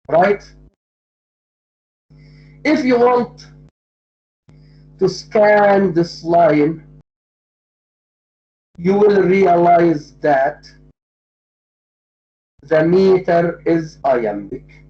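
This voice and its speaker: A literature lecturer explaining a poem, speaking deliberately and repeating key points to make them plain. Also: medium pitch, lively intonation. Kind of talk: poetry lecture. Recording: dull lo-fi recording.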